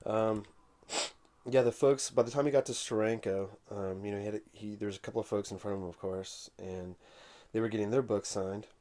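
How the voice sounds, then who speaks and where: A man vlogging about comic collecting, telling a rambling story in an unhurried, conversational way. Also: fairly low pitch, steady tone, mellow. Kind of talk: casual rambling anecdote.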